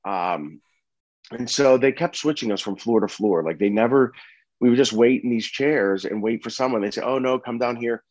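A man in his thirties telling a personal story with earnest, halting speech full of restarts and fillers. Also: mid-range voice, a little mellow, no room sound, dull audio. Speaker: interview guest sharing a personal story.

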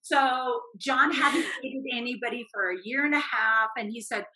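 A woman telling a personal faith testimony as a guest, animated and acting out the voices in her quotes. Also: fairly high pitch, moderate pace, rough recording.

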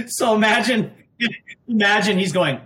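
A man's voice: high-pitched, a bit bright. Laughing man recalling film shoots. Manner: laughs often, rambling restarts. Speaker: guest actor. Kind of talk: casual interview.

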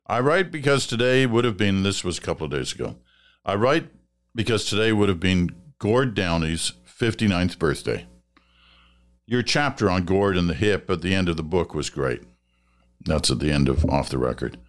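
An older Canadian man with a deep, low-pitched voice hosts a podcast in an easy, conversational way. He reads listener letters aloud, muses over them and chuckles often. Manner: relaxed, musing, chuckles often. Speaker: podcast host. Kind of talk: casual chat, reading listener letters.

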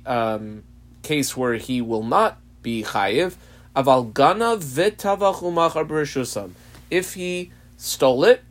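A man teaching a page of Talmud in a study lesson, explaining slowly with frequent fillers and restarts. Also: mid-range voice. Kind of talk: daf yomi study lesson.

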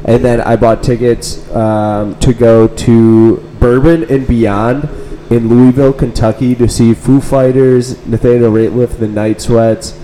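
A man's voice: mid-range voice, level tone, a little slow, dark tone. A man co-hosting a podcast, talking in enthusiastic, slangy casual chat. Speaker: podcast co-host. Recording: noisy recording.

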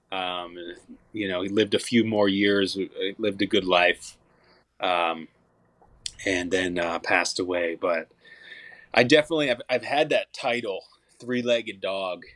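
A young man with a lowish voice talks loosely as an interview guest. He rambles, restarts his sentences and leans on fillers. The recording is dry and close, with no room sound. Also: pushed and bright, dry recording. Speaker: guest songwriter and musician. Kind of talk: casual interview chat.

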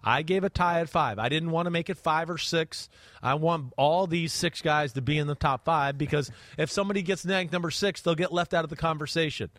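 A man hosting a sports podcast in casual chat, animated and acting out quarterback reads with sound effects. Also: on the high side, brisk, dry recording, studio quality. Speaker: podcast host and quarterback analyst.

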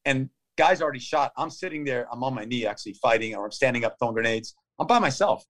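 A man in his fifties being interviewed, telling a story in urgent, clipped phrases that come out in a fast play-by-play. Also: mid-range voice, expressive, a bit bright. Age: 50s. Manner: vivid, urgent play-by-play retelling of combat. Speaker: interview guest. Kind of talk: conversational storytelling.

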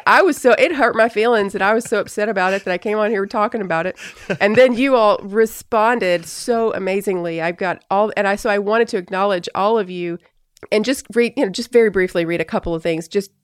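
A woman hosting a podcast in casual chat, talking fast with frequent restarts and easy laughter. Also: medium pitch, clear, resonant tone, no room sound, studio quality. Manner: chatty, restarts often, laughs easily. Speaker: podcast host.

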